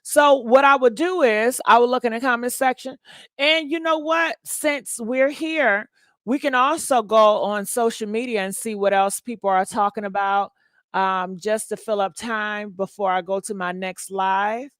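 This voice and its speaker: A woman's voice: on the high side, fairly even intonation, a little slow, a bit bright, no room sound. A woman hosting a casual gossip livestream, chatting and thanking viewers for donations. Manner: chatty, reads donations and comments aloud.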